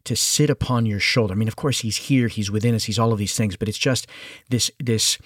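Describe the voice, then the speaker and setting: Man telling animated stories. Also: fairly low pitch, a little fast, dry recording, clean studio sound. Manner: animated, self-interrupting storyteller. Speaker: podcast co-host. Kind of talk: casual conversational storytelling.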